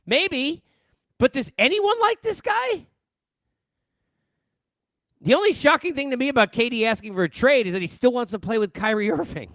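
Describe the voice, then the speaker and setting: Middle-aged male sports host, high lively voice, dry close sound, exasperated rant into a headset. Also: moderate pace, long pauses, dry recording. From New York. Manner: animated, exasperated, rhetorical questions. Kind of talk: casual ranting commentary.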